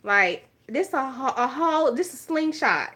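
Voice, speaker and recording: A woman's voice: high-pitched, animated, a little slow, fairly bright tone, husky. A woman with a Southern US accent chatting casually to her viewers from her makeup table at home. She talks candidly, jokes, and keeps addressing her audience directly. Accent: Southern US, Alabama. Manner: candid, joking, talks straight to viewers as y'all. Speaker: vlogger. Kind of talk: casual chat to camera.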